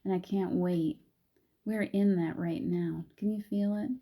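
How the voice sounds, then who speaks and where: Husky-voiced woman leading a meditation. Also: lowish voice, steady tone, a little slow. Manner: warm, chatty, laughs often. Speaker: spiritual host. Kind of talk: live-stream chat and guided meditation.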